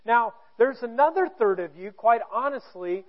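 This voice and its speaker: A man's voice: extremely high pitch, expressive, normal speed. A man from Indiana preaching a sermon in a church auditorium, candid and self-deprecating, with a joking manner. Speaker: pastor. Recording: tinny, phone-like narrow sound.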